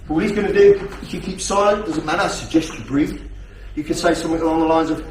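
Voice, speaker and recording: Blunt, swearing instructor in an echoey hall. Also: male voice, on the high side, quick pace, few pauses, a little hiss or hum. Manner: blunt, heavily profane, rhetorical questions. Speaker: self-defence instructor. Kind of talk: teaching a class. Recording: echoey hall, distant mic.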